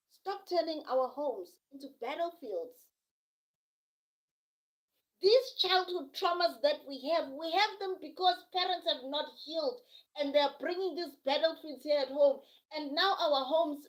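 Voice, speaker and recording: South African woman, high voice, passionate casual talk, emphatic, preachy. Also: moderate pace, low-quality recording. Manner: emphatic, preachy, mixes in Zulu phrases. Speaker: podcast co-host.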